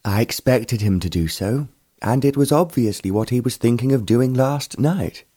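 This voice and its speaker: A man voicing a gentle, patient wealthy father in an audiobook reading. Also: moderate pace, breathy edge, no room sound, clean studio sound, natural voice. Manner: gentle, low and soothing.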